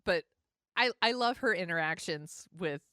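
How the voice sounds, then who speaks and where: A woman with a fairly low voice talks through a film in casual podcast chat, dropping wry, teasing remarks. She sounds close to the mic, and the sound is dry with no room echo. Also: lively intonation, measured pace, bright, forceful tone. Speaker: podcast co-host.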